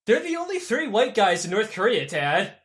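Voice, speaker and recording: Young guy podcast host, high voice that jumps all over, swears a lot, does little voices for people in his story. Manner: animated, profane, acts out characters in quick voices. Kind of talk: casual storytelling chat.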